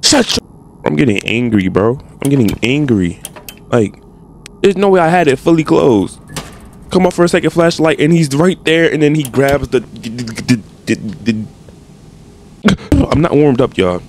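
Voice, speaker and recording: A man's voice: on the high side, normal speed, a little hiss or hum. A young man doing casual, trash-talking commentary while playing a game. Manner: animated, trash-talking, slangy. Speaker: gaming streamer.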